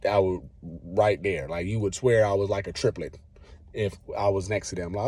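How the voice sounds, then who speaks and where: Low-voiced man rambling through a story. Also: moderate pace, no echo. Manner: rambling, acts out his own past lines; relaxed slangy talk. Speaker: vlogger. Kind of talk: casual personal storytelling.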